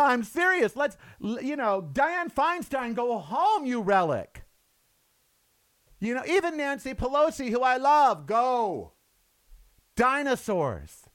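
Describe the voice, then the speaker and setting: A middle-aged man rants on his show in a high voice that leaps all over the place. He curses freely and drops from loud outbursts to low, tired asides. The sound is dry and close. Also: no room sound. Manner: angry, profane, swinging between loud outbursts and low weary asides. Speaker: show host. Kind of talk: impassioned political rant.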